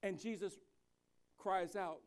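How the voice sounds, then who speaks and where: Pastor guy preaching, kinda high voice, goes quiet then real loud and slow, lots of restarts. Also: steady tone, clear, resonant tone. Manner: builds from quiet, reflective speech to loud, slow, emphatic preaching; frequent restarts and repeated words. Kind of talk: sermon.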